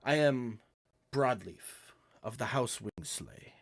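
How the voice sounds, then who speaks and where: A man's voice: mid-range voice, lively intonation, slow. A man voicing a foul-mouthed, cocky, cat-like young nobleman who swears freely and talks with theatrical charm. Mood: suave.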